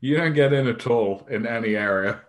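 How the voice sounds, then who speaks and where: A man's voice: mid-range voice, normal speed. A man co-hosting a podcast in casual chat, rambling and self-mocking, swearing freely. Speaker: podcast co-host.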